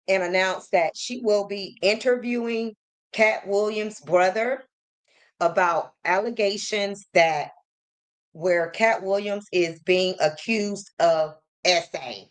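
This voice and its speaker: A woman's voice: mid-range voice, slow. A woman commentator giving casual, opinionated gossip commentary to her viewers.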